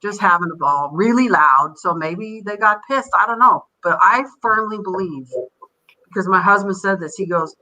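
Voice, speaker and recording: An older woman tells her stories in a bright, forward voice. She rambles from one thing to the next and acts out the people she quotes. She talks as a guest on a casual podcast. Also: fairly low pitch, normal speed, poor audio. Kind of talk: casual interview storytelling.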